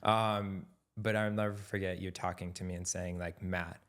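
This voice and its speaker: A young adult man co-hosting a podcast, talking in a reflective, measured way in casual chat. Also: sits low, level tone, fairly bright tone. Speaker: podcast co-host.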